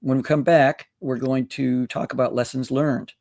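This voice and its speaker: A male interview host talks in a rambling, loose way, circling around his questions. His voice sits at a middling pitch. The sound is dry and close, with no room around it. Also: fairly even intonation, moderate pace, darkish tone, no echo. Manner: rambling, full of fillers and restarts.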